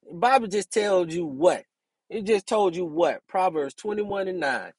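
A man's voice: sits high, animated, measured pace, husky, dry recording. Brash, profane man hosting a podcast. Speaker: podcast host and relationship coach. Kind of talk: casual podcast monologue.

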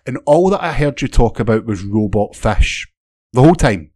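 A man's voice: medium pitch, lively intonation, normal speed, dark tone, no echo, clean studio sound. A man co-hosting a casual podcast, joking dryly and laying out theories at length. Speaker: podcast co-host. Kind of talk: casual chat.

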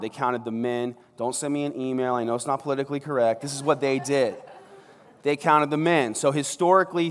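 A man preaching a sermon as pastor in a large church, joking and conversational, acting out scenes as he goes. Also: medium pitch. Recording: long reverb of a large hall.

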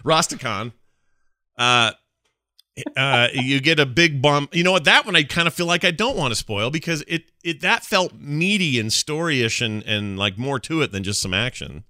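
A man hosts a casual podcast chat with a bright, forceful voice. He rambles through a recap, stumbles over names and laughs a lot. The sound is close and dry. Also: mid-range voice, expressive, moderate pace, no echo. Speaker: podcast host.

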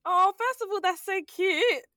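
A woman's voice: very high-pitched, measured pace, heavy background noise. A young woman co-hosting a podcast in a casual, laughing chat. She sounds a little congested. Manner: chatty, laughing, teasing. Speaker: podcast co-host.

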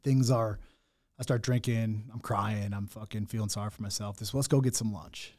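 A man's voice: lowish voice, fairly even intonation, moderate pace, a little mellow. A young man telling his own hard story in candid talk, blunt and full of swearing and restarts. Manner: raw, blunt, swears often, many restarts.

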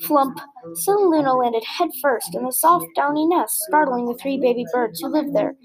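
A woman with a high, light voice reads a children's picture book aloud. Her telling is gentle and expressive, with the odd small slip. A crowd can be heard clearly in the background. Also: normal speed, poor audio. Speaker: storybook reader.

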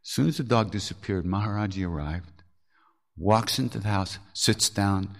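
A man with a gravelly, fairly low voice tells stories on his podcast. He talks frankly and earthily, throwing in curses and laughing at his own foolishness. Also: normal speed, fairly bright tone. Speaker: podcast host telling spiritual stories. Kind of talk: candid storytelling talk.

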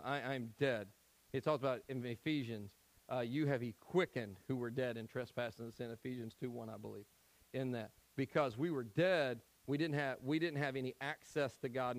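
A man's voice: mid-range voice, rough recording. Man from Tennessee preaching conversationally. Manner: conversational preaching with frequent "okay?" check-ins. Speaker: pastor. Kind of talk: evening Bible study sermon.

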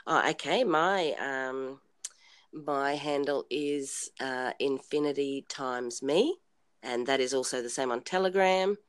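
A woman's voice: extremely low pitch, takes it slowly, clean tone, no echo. An Australian woman talking as a guest in a casual podcast interview, chatty and hesitant, with frequent ums and easy laughter.

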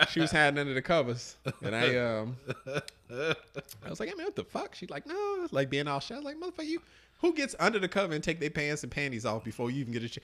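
A man's voice: fairly high pitch, a little fast. A man co-hosting a casual podcast, telling crude stories with lots of laughter and acted-out voices. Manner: animated storyteller, laughs often, acts out voices. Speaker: podcast co-host.

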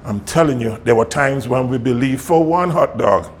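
A man's voice: medium pitch, moderate pace, slight background noise. A man, a pastor, telling a story in a sermon. He laughs often and acts out the people he quotes.

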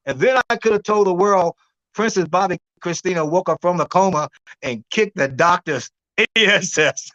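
A man with a notably high voice tells stories with lively energy. He laughs often and acts out the voices of other people. He swings between loud bursts and low, quiet asides. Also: measured pace, dry recording, dull audio. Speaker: guest herbalist. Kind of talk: animated storytelling interview.

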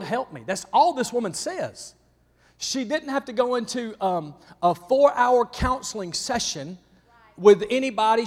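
A man with a high voice preaches to a church congregation, jumping between loud emphatic lines and near-whispers. He calls out to people in the room by name. His voice rings with the long reverb of a big hall. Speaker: pastor. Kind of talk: sermon.

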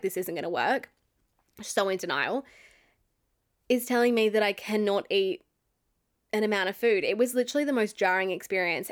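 A young woman, telling a personal story in a candid, casual way, swearing often and filling her talk with "like". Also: medium pitch.

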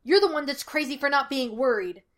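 A nervous young man who protests every plan with dry, anxious objections, as a woman reads him. The voice sits on the higher side. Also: expressive, brisk, close to an everyday voice. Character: nervous, skeptical young male sidekick.

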